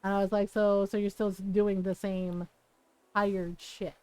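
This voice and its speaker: A woman streamer in casual chat, telling stories with lively energy and plenty of swearing. Her voice sits at an ordinary middle pitch. It is recorded dry and close, with no room sound. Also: unhurried, clean tone, no room sound, low-quality recording. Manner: animated storytelling, swears freely, quotes people in voices. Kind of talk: casual chat while gaming.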